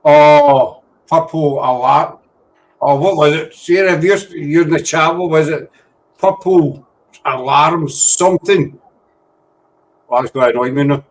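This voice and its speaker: A man's voice: fairly high pitch, expressive, measured pace, vocal fry, rough recording. A man hosting a casual chat, rambling and easily sidetracked. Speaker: host.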